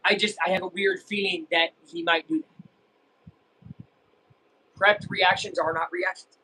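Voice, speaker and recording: A young man casually chatting and reacting while streaming a live baseball game, rambling and breaking into excited yells. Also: high-pitched, unhurried, breathy edge, low-quality recording. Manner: rambling, self-interrupting, bursts of excited yelling. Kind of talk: casual live game watch-along chat.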